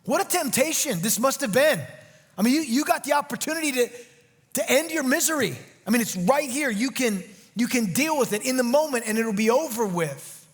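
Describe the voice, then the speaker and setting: A man preaching an expository sermon as pastor, animated and rising to urgent emphasis. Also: very high voice, a little fast. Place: church sanctuary. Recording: long reverb of a church hall.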